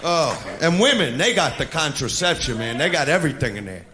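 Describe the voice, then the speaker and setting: A male stand-up comedian doing a crude, brash routine, shouting his punchlines live on stage. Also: on the high side, sing-song, a little fast. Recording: echoey live venue with laughing audience and noise. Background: audience laughter.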